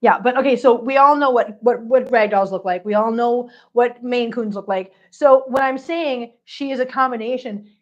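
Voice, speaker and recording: A woman's voice: fairly high pitch, normal speed, hardly any pauses. Chatty woman with a dull lo-fi sound. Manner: chatty, laughs often, coos baby talk to a cat. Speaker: cat channel host. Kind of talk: casual livestream chat. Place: home, on the floor.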